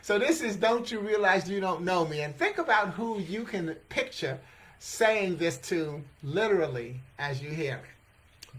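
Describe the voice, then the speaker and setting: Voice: medium pitch, expressive, unhurried, a bit bright. An author in their sixties giving a motivational talk and reading a poem, talking in an emphatic, repetitive way and laughing often. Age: 60s. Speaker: author and poet.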